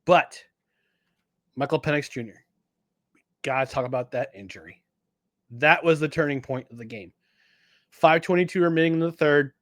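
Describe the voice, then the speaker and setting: A man co-hosting a sports podcast in casual chat, animated and jokey, often restarting his sentences. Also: a little high, normal speed, pauses often, dry recording, studio quality. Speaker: podcast co-host.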